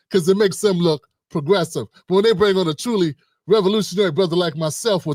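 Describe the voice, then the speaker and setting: A man's voice: a little high, no room sound, clean studio sound. A middle-aged man hosting a livestream, slangy and joking, talking animatedly to his viewers. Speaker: host. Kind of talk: livestream commentary.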